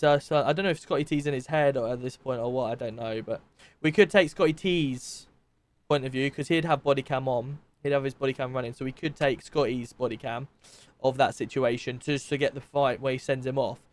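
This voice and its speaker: Man, british accent, streamer, casual commentary, thinks aloud, clear voice, mid pitch. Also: steady tone, fairly quick. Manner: thinks aloud with many ums and restarts. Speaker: streamer reviewing game footage.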